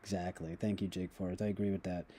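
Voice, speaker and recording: Halting, rambling man on a livestream. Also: deep voice, little pitch movement, warm tone, breathy edge. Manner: rambling, halting, many restarts and fillers; chuckles often while talking. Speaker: livestream host reading chat. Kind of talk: casual livestream chat.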